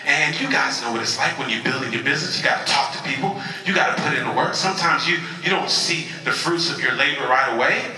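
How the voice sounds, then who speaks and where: A man's voice: medium pitch, fast talker, few pauses, sharp tone, faint music behind. A man giving a motivational speech to a convention audience, telling a story with call-and-response and stammered restarts. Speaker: motivational speaker. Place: large convention hall with audience. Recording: echoey convention hall from far off.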